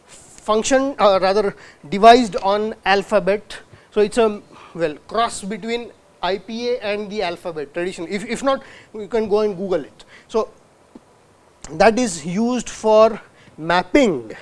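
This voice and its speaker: A man lectures in a hall. He keeps asking the audience questions he then answers himself. He sounds out words slowly to demonstrate them. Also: sits high. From India. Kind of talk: university lecture.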